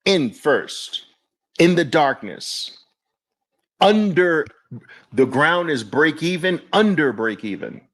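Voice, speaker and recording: A male host delivers market commentary in an animated, exclamatory style, often sounding incredulous. His pitch swings widely, yet his pace stays unhurried and drawn-out.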